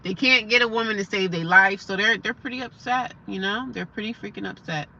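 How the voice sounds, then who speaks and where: A young livestream host with a mid-range, bright, forceful voice talks a little fast, reading viewers' comments aloud and answering them casually. The lo-fi sound is slightly dull with faint background noise.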